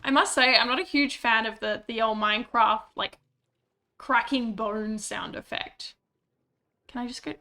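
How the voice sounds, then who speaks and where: A woman's voice: a little high, steady tone, unhurried, pushed and bright. A woman streaming a game, chatting casually and mocking herself, swearing when annoyed. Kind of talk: casual gameplay chat.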